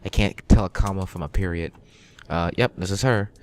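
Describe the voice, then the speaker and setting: A man's voice: sits low, a little fast. A man casually reading a game aloud, joking and tripping over words. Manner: chatty, joking, stumbles on words. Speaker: reader of a game.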